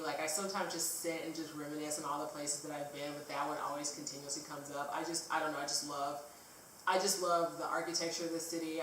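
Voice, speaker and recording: A woman's voice: low-pitched, fairly bright tone, a little hiss or hum. A woman vlogger telling a travel story in a rambling, casual way, with lots of fillers and some swearing. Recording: echoey room, distant mic.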